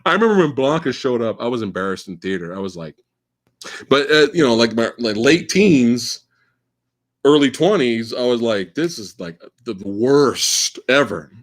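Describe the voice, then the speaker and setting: A man in his forties hosts a live question-and-answer stream in loose, casual chat. His middle-pitched voice swings widely up and down as he gets animated. He swears freely and often stammers through restarts before landing his point. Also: moderate pace. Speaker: livestream host.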